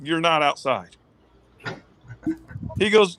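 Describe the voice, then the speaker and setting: A man in his thirties spins a rambling, profane story in a slightly high voice. He bounces through it, acting out the other people's lines as he goes. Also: normal speed, a little hiss or hum, rough recording. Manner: animated, swearing, acts out quotes. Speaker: guest, former pitcher. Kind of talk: casual storytelling.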